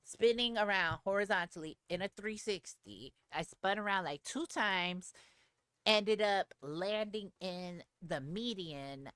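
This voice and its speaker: A woman streamer telling a story to her live chat in a casual, animated way, laughing often. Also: mid-range voice, measured pace, clear, resonant tone, no echo, clean studio sound.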